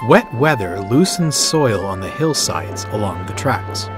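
A man narrating a storybook tale in a measured, expressive way. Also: lowish voice. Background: music.

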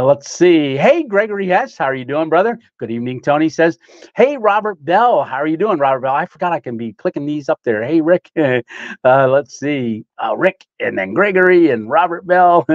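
A man's voice: mid-range voice, dry recording, dull audio. A man hosting a casual livestream, chatting and greeting viewers by name with frequent laughs. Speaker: livestream host reading chat. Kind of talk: casual live chat.

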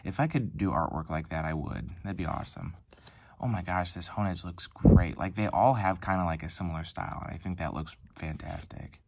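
Sleepy low-voiced man. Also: brisk, gravelly. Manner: soft-spoken and hesitant, many ums and likes, near-whispering. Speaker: card-opening channel host. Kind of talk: casual pack-opening vlog.

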